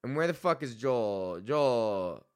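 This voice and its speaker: A man hosting his own podcast, telling a profane, comedic story and reading his ads with sudden loud shouted bits. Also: mid-range voice, animated, slow pace, clear, resonant tone. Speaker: podcast host.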